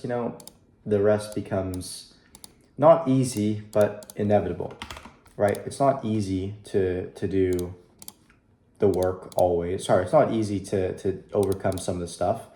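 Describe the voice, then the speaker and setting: Speaking casually to the camera from his computer, a young vlogger records a video diary in an echoey room. His voice is lowish and warm, and he comes across as upbeat and rambling, with fillers throughout.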